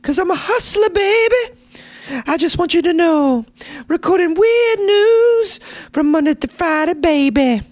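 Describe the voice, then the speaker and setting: A man putting on a boastful male hustler in a squeaky falsetto, sing-song and bragging. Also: expressive, unhurried.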